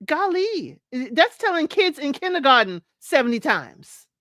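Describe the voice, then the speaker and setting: A woman's voice: sits high, big pitch swings, moderate pace, sharp tone, no room sound, studio quality. Chatty woman hosting a live recap. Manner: chatty and opinionated, laughs often; repeats points for emphasis. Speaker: host of a dating-show recap livestream. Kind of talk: casual live commentary talking to chat viewers.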